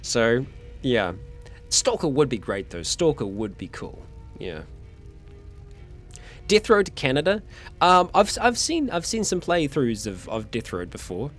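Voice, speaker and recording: A man's voice: medium pitch, wildly swooping pitch, unhurried, long pauses. Chatty New man with faint music. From New Zealand. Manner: rambling, chatty, answers viewer questions. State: a little tired. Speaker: streamer. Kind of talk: casual livestream chat.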